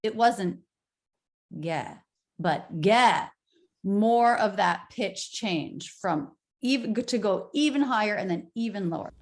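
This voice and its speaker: A woman coaching English pronunciation, encouraging and demonstrating pitch changes with exaggerated examples. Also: a little slow. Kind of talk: accent coaching session.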